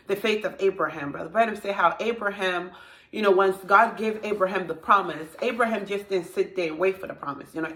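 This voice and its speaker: A woman's voice: mid-range voice, bright, forceful tone, roomy sound. A young woman sharing her personal faith testimony, earnest and confiding, often repeating her phrases. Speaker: testimony vlogger.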